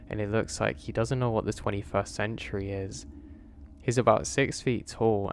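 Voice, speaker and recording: A man narrating a first-person horror story in a measured, confessional way. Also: fairly low pitch, a little hiss or hum.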